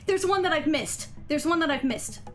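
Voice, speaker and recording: High-pitched female game streamer; casual, excitable, foul-mouthed live commentary. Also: normal speed, faint music behind. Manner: excitable, swears freely.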